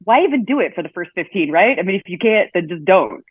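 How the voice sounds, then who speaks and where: A woman's voice: fairly low pitch, animated, quick pace, husky, no room sound. Woman on a tinny remote call line. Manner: hesitant, many fillers and restarts. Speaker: podcast guest. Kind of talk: casual podcast chat.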